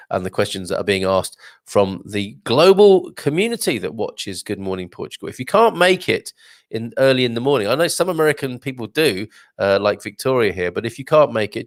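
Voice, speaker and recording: Man hosting a casual live show, chatty and rambling, lower pitch, very dry close-mic sound. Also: no room sound. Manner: chatty, rambling with many fillers and asides. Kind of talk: casual live-stream chat reading viewer comments.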